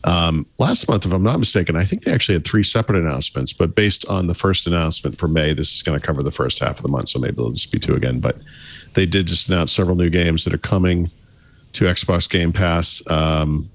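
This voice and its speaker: A low-pitched man from New England rambles through a casual podcast news rundown, correcting himself as he goes and laughing along the way. The sound is close and dry, with no room around it. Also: fast talker, a bit bright, no room sound. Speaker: podcast co-host.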